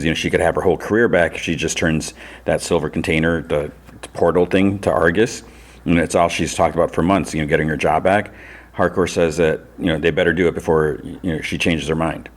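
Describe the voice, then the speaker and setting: A deep-voiced podcast host casually recaps a TV episode, telling the story loosely. He acts out characters' lines in a raised voice and leans heavily on fillers like "you know" and "like".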